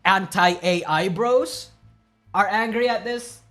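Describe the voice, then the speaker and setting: Brief: high-pitched male streamer, blunt and profane, rambling rant over faint music. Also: slow pace, bright, forceful tone. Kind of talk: casual reaction stream commentary.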